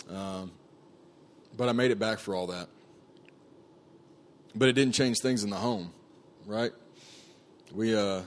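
A man telling his personal testimony to a group in an earnest, conversational way, with frequent fillers and restarts. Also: lowish voice. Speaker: camp staff speaker sharing his testimony.

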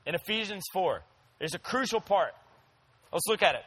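High, bright-voiced pastor preaching. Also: male voice, expressive, moderate pace, breathy edge, low-quality recording. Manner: conversational, storytelling, addresses listeners directly. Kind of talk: sermon.

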